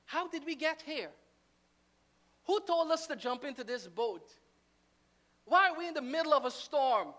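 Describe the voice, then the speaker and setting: A woman's voice: lively intonation, measured pace, pauses often. A woman acting out panicked fishermen crying in a storm. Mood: bewildered. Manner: frantic, shouting high and loud. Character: panicking grown men, fishermen disciples in a storm.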